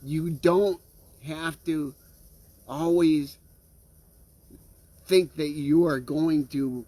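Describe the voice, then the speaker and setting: Extremely slow and steady, a man with a high-leaning but dark-toned voice delivers an earnest sermon in a dry recording. Repeatedly he checks in with "okay?" and "right?" and restarts what he's saying.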